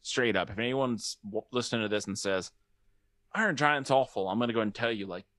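A young man co-hosting a podcast in casual chat, loose and joking, quick to laugh. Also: on the low side, a bit bright, dry recording. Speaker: podcast co-host.

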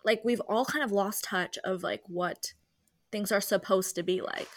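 A woman's voice: medium pitch, normal speed. A woman co-hosting a podcast, chatting casually in a playful, joking way and laughing a lot. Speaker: podcast co-host. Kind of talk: casual chat.

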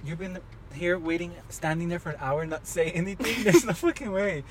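A man's voice: high-pitched, a little fast, a loud crowd. Chatty young man, laughing storyteller. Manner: chatty storyteller, swears casually, laughs often. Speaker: podcast co-host. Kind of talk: casual chat.

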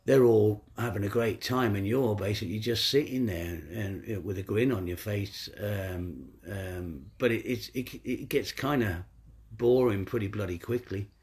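A man tells a personal story. His voice is low and mellow. He rambles in a wry, offhand way, full of fillers and restarts. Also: normal speed.

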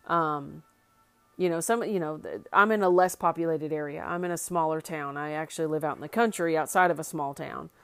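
A woman's voice: sits low, quick pace, few pauses, fairly bright tone, dry recording. A middle-aged woman from Arkansas, hosting a casual, heartfelt talk and rambling with many fillers and restarts. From Arkansas, US South.

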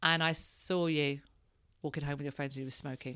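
A woman's voice: low voice, steady tone, brisk, bright, forceful tone, clean tone, dry recording, clean studio sound. A woman in her thirties, hosting a casual chat and telling candid stories, laughing now and then. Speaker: podcast host, mother.

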